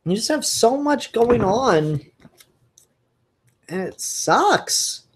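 A comic book reviewer talks through the issues in a loose, chatty solo review. The pace is slow and easygoing, with frequent fillers and restarts. The enthusiasm comes through as casual and unpolished. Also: mid-range voice, very animated, husky.

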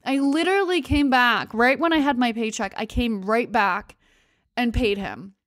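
Podcast host, woman, bright higher voice, rambling casual storyteller, close dry mic. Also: normal speed, dry recording. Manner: chatty, rambling, lots of fillers and self-corrections.

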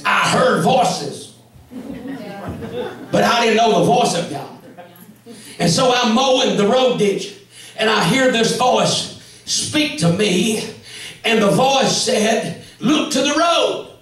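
A man with a Southern US accent preaching a testimony sermon, shouting and punctuating his story with "come on" and "amen.". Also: high voice, lively intonation, slow pace, long pauses. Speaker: evangelist preacher. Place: church sanctuary. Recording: echoey church from far off.

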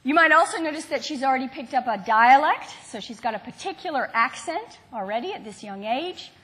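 Woman from the south giving a uni lecture, high voice, keeps asking the class questions. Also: animated, a little fast, a bit bright. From Southern United States. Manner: engaging, quizzes the audience. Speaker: university lecturer. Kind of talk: university lecture.

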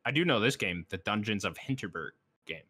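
A man's voice: lowish voice, lively intonation, a little fast, bright, forceful tone, breathy edge. A man co-hosting a gaming podcast, easygoing and laughing often as he moves topics along. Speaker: podcast co-host. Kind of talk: casual chat.

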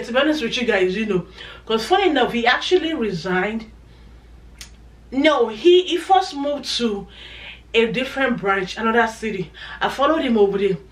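A woman vlogger chatting to her viewers in an emphatic, repetitive, conversational way. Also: on the high side. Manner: chatty, emphatic, repeats herself. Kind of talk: casual chat to camera. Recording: echoey room, voice from a distance.

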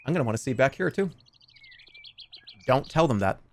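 Animated, joking male streamer. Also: medium pitch, moderate pace, a little hiss or hum. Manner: jokey, profane, laughs often. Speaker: streamer hosting a game contest. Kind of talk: casual livestream commentary.

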